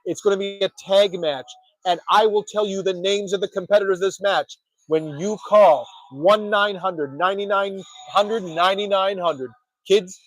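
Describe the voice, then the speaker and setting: A man's voice: high-pitched, dry recording, low-quality recording. A man hosting a casual wrestling chat show, rambling and joking with lots of swearing. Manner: rambling, profane, jokey. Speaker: podcast host.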